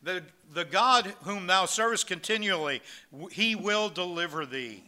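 Bright-voiced man preaching a sermon. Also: high-pitched, a little slow. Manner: reads scripture in King James wording, with frequent fillers and restarts. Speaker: pastor.

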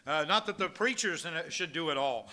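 A pastor preaches a sermon, reading scripture in King James wording amid frequent fillers and restarts. His fairly high voice is expressive, fairly quick, pushed and bright.

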